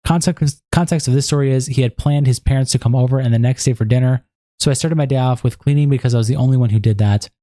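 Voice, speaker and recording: A man working as an online commentator, reading messages and statements aloud in a plain, steady way. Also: medium pitch, fast talker, no room sound.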